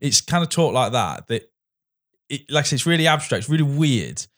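A man's voice: medium pitch, sing-song, a little fast, a bit bright. A man chatting casually as a film reviewer, rambling with many restarts. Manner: rambling, restarts, acts out quoted dialogue.

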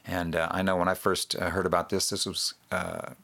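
Male podcast host, low voice, casual summary with fillers. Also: normal speed, vocal fry. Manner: relaxed, with fillers like "uh" and "um". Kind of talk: casual wrap-up talk.

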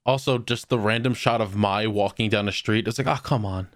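A man's voice: fairly low pitch, steady tone, a little fast, no echo, studio quality. A man co-hosting a podcast in casual chat, joking, swearing and mimicking characters. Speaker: podcast co-host.

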